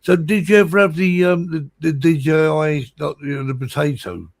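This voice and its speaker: Husky, gravelly host with dry sound. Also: male voice, fairly high pitch, normal speed. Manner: stumbling, repeats words. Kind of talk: casual live-stream chat.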